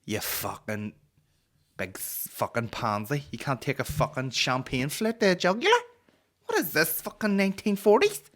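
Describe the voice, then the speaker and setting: A man's voice: mid-range voice, wildly swooping pitch, normal speed, fairly bright tone. A man hosting a comedy podcast, ranting crudely and mocking, slipping into voices of the people he talks about. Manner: sweary, mocking, acts out voices. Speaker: podcast host.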